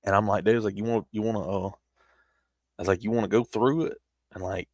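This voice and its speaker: A man's voice: fairly low pitch, steady tone, fast talker, darkish tone, no room sound. A man with a Southern US accent telling a long casual story on a stream, rambling with restarts.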